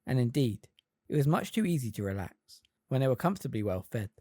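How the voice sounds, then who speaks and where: A fan reader narrating an audiobook with expressive storytelling. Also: mid-range voice, a little fast, husky, no room sound, clean studio sound. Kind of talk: scripted narration.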